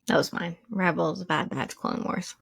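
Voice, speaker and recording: A woman co-hosting a podcast talks in a relaxed, chatty way. She leans on fillers and laughs easily. Her voice sits low, and the recording is dry and close. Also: measured pace, gravelly, breathy edge, no echo. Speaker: podcast co-host. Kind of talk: casual chat.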